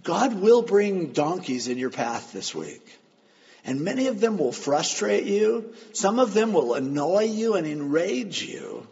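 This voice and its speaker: A male pastor preaching a sermon in a church sanctuary, his gravelly voice set a little high. He tells stories with lively swings of pitch, dropping to quiet asides and then pressing hard on his points. The sound is dull and lo-fi, with a long hall reverb behind him. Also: a little slow. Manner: storytelling, shifting between quiet asides and loud emphatic lines.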